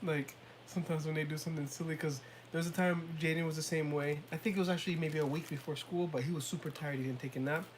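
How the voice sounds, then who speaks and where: Easygoing dad telling stories. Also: male voice, a little high, fast talker, few pauses, a little hiss or hum, rough recording. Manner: relaxed storytelling, laughs often, mimics kids and parents. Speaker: podcast co-host. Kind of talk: casual chat.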